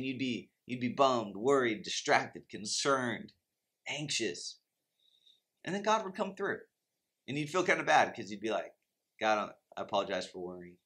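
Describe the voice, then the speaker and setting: A man's voice: medium pitch, fairly bright tone. Earnest guy preaching faith stuff, mid voice, gets emphatic and plays out little prayers. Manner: earnest, emphatic, acts out inner prayers and reactions. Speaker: Christian finance teacher. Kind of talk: motivational faith teaching.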